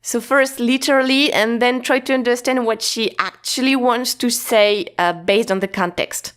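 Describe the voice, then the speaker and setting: A woman teaching a lesson in a casual, patient way, repeating points slowly with restarts and fillers. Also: a little high, steady tone, fairly bright tone, smooth. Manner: slow, repetitive, patient explaining with many restarts and fillers. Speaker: Japanese teacher.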